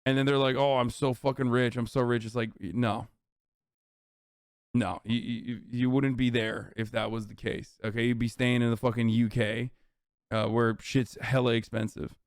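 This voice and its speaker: A male streamer riffs on a clip in casual, profane bursts, sounding openly incredulous and mocking. His voice is crisp and smooth, picked up close with a dry, dead sound. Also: mid-range voice, fairly even intonation, moderate pace, dry recording. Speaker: streamer reacting to videos. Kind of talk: casual reaction commentary.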